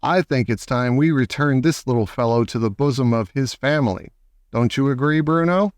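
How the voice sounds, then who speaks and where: A man reading an audiobook, voicing an elderly grandmother who talks in a warm, fussing, protective way. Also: medium pitch, moderate pace, smooth, no echo, clean studio sound, natural voice. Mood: brisk. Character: elderly grandmother, loving and fierce. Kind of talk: audiobook character voice.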